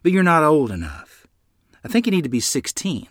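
A man voicing a weary but hopeful mother who speaks gently. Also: on the high side, huge pitch swings, normal speed, no room sound, clean studio sound, voice pushed up, heavily acted. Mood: gentle.

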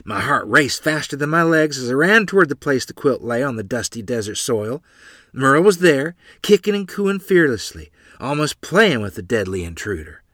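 A male narrator reads a first-person story aloud with an expressive storytelling touch. His delivery rises and falls in a lively way, and his tone is bright. The recording is close and dry. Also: medium pitch, moderate pace, no echo.

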